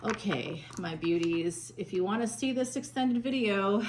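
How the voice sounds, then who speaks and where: A woman's voice: mid-range voice, normal speed, few pauses, slight background noise, poor audio. A woman psychic giving a chatty tarot reading, with a Northern US accent that slips toward Southern, full of fillers and restarts. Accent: Northern US, drifting Southern. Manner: chatty, warm endearments, frequent fillers and restarts.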